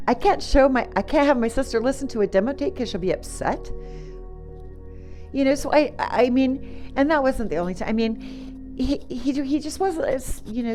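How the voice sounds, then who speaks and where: A middle-aged woman telling a personal story in a halting way, with many "you know"s, restarts and small laughs. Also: mid-range voice, warm tone.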